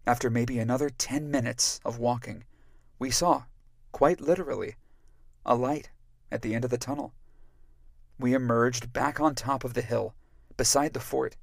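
A man narrating an audiobook in a measured, even storytelling manner. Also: mid-range voice, vocal fry, no echo, clean studio sound. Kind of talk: scripted narration.

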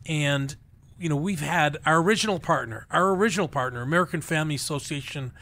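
A man being interviewed as a ministry leader, telling stories in an animated, chatty way and laughing often. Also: a little high, fast talker. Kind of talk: radio interview storytelling.

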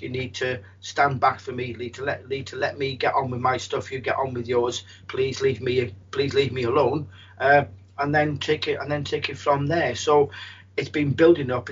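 A medium with a husky voice, telling a story in a rambling way, with many restarts. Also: male voice, mid-range voice, level tone, normal speed, highs cut off, slight background noise. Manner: rambling, frequent restarts and fillers. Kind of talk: storytelling in an interview.

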